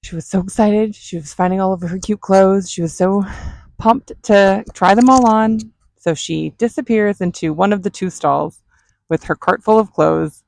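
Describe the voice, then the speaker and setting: Gravelly-voiced woman telling a story. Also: mid-range voice, normal speed, no echo. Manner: animated, chatty. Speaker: vlogger, mother. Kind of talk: casual storytelling.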